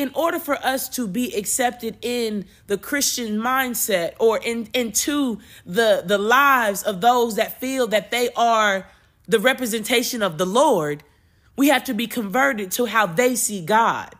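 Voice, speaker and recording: Emotional, animated woman podcast preacher. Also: on the high side. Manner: emotional, animated, repeats and restarts. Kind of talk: casual spiritual talk.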